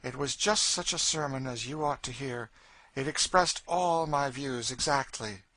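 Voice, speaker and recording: A man's voice: mid-range voice, unhurried, bright, forceful tone, dry recording, pitched above the performer's own voice. A man voicing a fussy, peevish lady of the house who speaks in a prim, complaining way. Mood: pleased.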